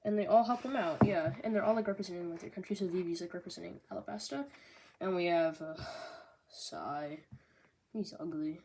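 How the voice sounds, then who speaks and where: A woman's voice: fairly low pitch, brisk, vocal fry, mellow. A young woman reviewing a manga volume in casual chat, bubbly and full of fillers and jokey asides. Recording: noisy home recording.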